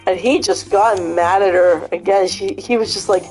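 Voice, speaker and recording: A woman chatting casually, retelling a funny video with lots of swearing and animated storytelling. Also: medium pitch, moderate pace, hardly any pauses, faint music behind, poor audio. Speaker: host. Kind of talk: casual chat.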